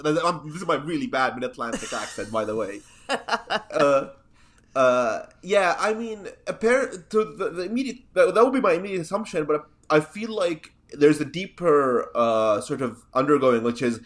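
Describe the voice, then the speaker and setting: A man's voice: a little high, lively intonation, normal speed. A man hosting a podcast in casual chat, sardonic and rambling. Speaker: podcast host.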